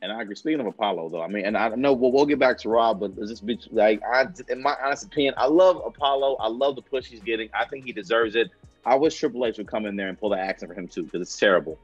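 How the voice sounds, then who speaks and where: A man hosting a casual wrestling chat, talking in an animated way with quick asides. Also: fairly low pitch, slightly rough, highs cut off, soft background music. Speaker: podcast host.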